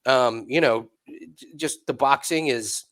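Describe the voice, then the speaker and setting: A man co-hosting a sports betting show, talking through fight picks in loose, rambling casual chat full of restarts and quick asides. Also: medium pitch, fairly bright tone. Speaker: betting podcast co-host.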